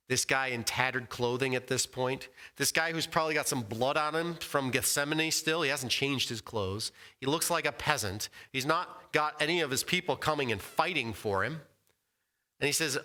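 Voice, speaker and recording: A man's voice: mid-range voice, moderate pace, pushed and bright. A man teaching a casual Bible study in a church room, explaining scripture conversationally and quizzing the group.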